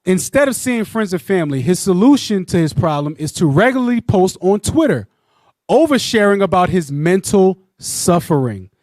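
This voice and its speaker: High-pitched guy teaching a bible class, animated, keeps repeating himself, dry close mic. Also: moderate pace, dry recording. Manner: animated, repetitive, often asks "you know what I'm saying". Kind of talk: religious teaching discussion.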